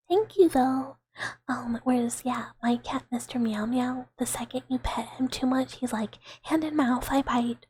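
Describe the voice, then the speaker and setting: A young woman whispering in an ASMR chat stream, soft and giggly, rambling with fillers on a close mic. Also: on the high side, husky.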